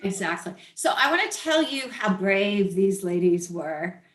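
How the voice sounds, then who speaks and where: A woman hosting an interview podcast, chatty and quick to laugh. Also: mid-range voice, sing-song, reverberant. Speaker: podcast host.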